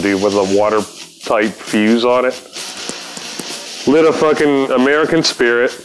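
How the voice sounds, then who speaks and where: A man's voice: medium pitch, rough recording. A man telling casual stories as a podcast host, in a profane, slangy, rambling way full of "dude" and "man". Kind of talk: casual storytelling.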